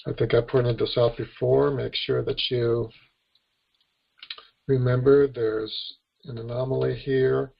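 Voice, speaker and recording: Speaking over a webinar on a computer mic, an American lecturer teaches an online class in a deep, gravelly, husky voice. His delivery is flat and patient as he takes the letters one by one without hurry, in a dull, lo-fi recording.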